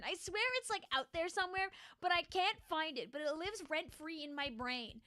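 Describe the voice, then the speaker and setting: Bubbly high-voiced woman streamer. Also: moderate pace, few pauses, bright, forceful tone. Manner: playful and bubbly, chatting with viewers and making silly sound effects. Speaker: game streamer. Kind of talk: casual live-stream chat while gaming.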